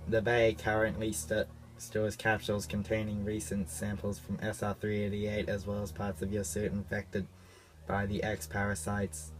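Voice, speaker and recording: A man with a cough reading lines as a blunt starship computer in a stiff, flat mock-robot delivery. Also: lowish voice, lightly acted, rough recording. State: unwell, coughing. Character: ship's computer, blunt commanding AI.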